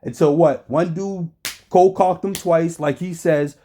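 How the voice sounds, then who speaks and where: A man's voice: sits high, moderate pace, a little hiss or hum. A man streaming, giving profane casual commentary full of slang and frequent laughter. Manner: animated, swears constantly, laughs often, slangy. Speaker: streamer reacting to a trial.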